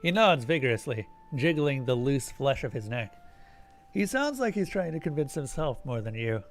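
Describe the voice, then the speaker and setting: A man's voice: medium pitch, sing-song, moderate pace, slight background noise. Man reading game text aloud. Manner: narrates descriptively, then casual asides. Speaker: streamer.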